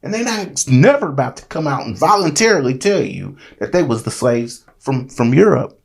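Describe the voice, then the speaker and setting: Man, AAVE speech, gravelly voice that rises and falls a lot, preachy and emphatic, monologue to camera. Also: mid-range voice, big pitch swings, moderate pace. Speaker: author and commentator. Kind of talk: impassioned monologue.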